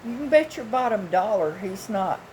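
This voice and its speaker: A woman's voice: mid-range voice, animated, moderate pace, darkish tone, slight background noise, low-quality recording. A woman in her sixties from the United States, telling a story in a casual, blunt, folksy way with occasional chuckles. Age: 60s. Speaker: vlogger.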